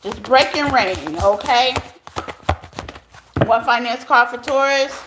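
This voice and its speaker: High-pitched lady doing a live tarot reading, chatty, keeps talking to y'all, echoey room. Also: slow pace, long pauses, a bit bright, a little hiss or hum. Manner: chatty, talks straight to viewers as y'all. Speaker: tarot reader.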